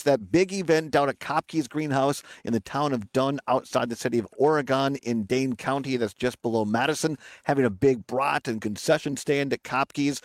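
A man's voice: mid-range voice, no echo. A man hosting a casual radio talk show outdoors by a lake, upbeat and chatty, laughing easily.

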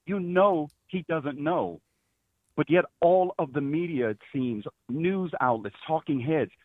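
A man's voice: a little high, measured pace, dry recording. A man calling into a radio show, talking earnestly and critically, restarting his sentences now and then. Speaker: caller. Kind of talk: phone call to a radio show. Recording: tinny phone line.

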